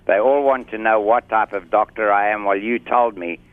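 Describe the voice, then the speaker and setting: A man's voice: fairly low pitch, fairly even intonation, normal speed, dry recording. A man with a South African accent, a guest doctor in a radio interview, talking in a formal, chatty, self-assured way. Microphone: phone line. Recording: tinny phone line.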